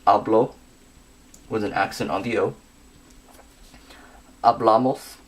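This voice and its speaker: A young man giving a scripted grammar lesson, working through verb endings slowly and methodically. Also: fairly low pitch. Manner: methodical, reads conjugations slowly with pauses.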